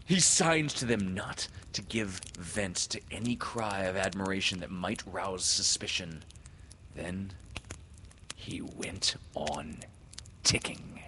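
Slow, low-voiced male storyteller. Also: a little hiss or hum. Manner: slow, hushed dramatic reading. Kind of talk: reading a classic children's story aloud.

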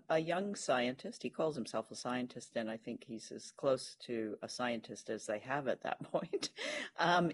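A man co-hosts a relaxed podcast chat. He talks with eager enthusiasm at a middling pitch and fills his thoughts with ums and small laughs. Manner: chatty and enthusiastic, with frequent fillers and laughs. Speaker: podcast co-host. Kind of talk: casual chat reviewing an old radio drama.

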